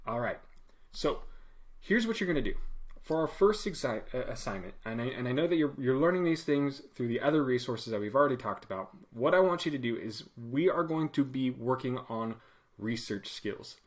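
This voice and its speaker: A man teaching web coding as an instructor in a casual screen-share lesson, animated and acting out commands in a loud put-on voice. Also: medium pitch, normal speed.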